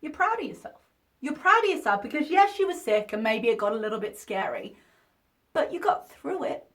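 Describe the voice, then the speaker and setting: A woman's voice: high voice, very animated, brisk, fairly bright tone. A woman hosting a reaction video, commenting in a sarcastic, exasperated way and swearing freely.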